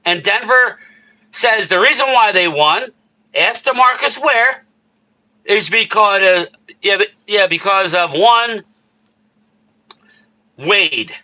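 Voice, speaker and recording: Man, high voice, very bright tone, heated casual sports rant, live-stream host. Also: dull audio. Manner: heated, worked-up ranting with quick asides to chat. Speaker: streamer host reading chat.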